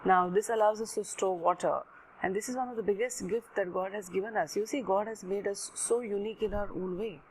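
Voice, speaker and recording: A woman voicing a wise, gentle mother camel in a spoken story, explaining slowly with many fillers. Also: mid-range voice, steady tone, breathy edge, close to an everyday voice, poor audio.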